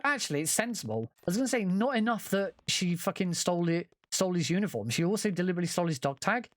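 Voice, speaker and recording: A man's voice: high-pitched, big pitch swings, fast. A man giving casual, chatty commentary while playing a game, often correcting himself and swearing offhand. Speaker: speedrunner.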